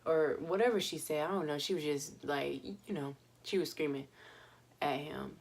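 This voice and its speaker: A woman's voice: low-pitched, moderate pace, a little mellow, slightly rough. A young woman vlogger telling a story in a chatty, casual way, with lots of fillers and laughs.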